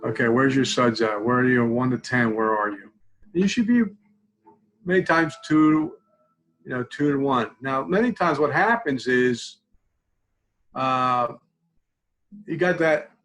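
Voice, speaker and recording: An older man, a college support clinician, calmly teaching a tapping technique in a webinar, often dropping to quiet repeated phrases. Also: mid-range voice, low-quality recording.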